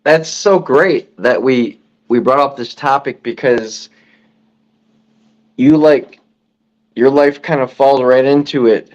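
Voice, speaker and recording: A man co-hosts a podcast in casual, reflective talk, circling his point with repeated words. His mid-pitched voice comes through a dull, lo-fi recording. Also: slow pace, pauses often, darkish tone. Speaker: podcast co-host. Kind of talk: casual chat. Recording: dull lo-fi sound.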